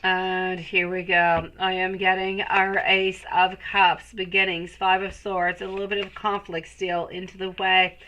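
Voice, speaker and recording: Woman doing a live tarot stream, crisp bright voice, sweet and chatty, rambles a bit. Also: on the low side, level tone, unhurried, hardly any pauses, a little hiss or hum, poor audio. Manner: affectionate, calls viewers sweetie. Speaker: tarot reader.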